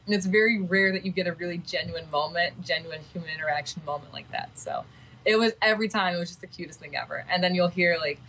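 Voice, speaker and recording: A woman's voice: on the low side, fast talker, a bit bright, a little hiss or hum, poor audio. A woman chatting casually on a livestream, talking in a gushing, sentimental way.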